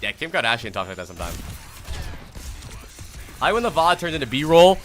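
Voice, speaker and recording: A man's voice: fairly high pitch, big pitch swings, moderate pace, a bit bright, a little hiss or hum. A young man from the US East Coast reviewing gameplay on a live stream, talking to chat in a blunt, profane and casual way. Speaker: streamer and coach.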